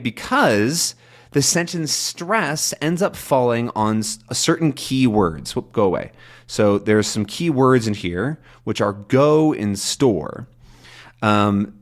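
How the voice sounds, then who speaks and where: A man explaining English in a loose, conversational teaching style. His pitch sits in a middle register but swings widely, rising and falling with emphasis as he says example sentences several ways. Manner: relaxed, chatty, demonstrates stress by repeating example sentences. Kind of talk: casual explanatory lesson.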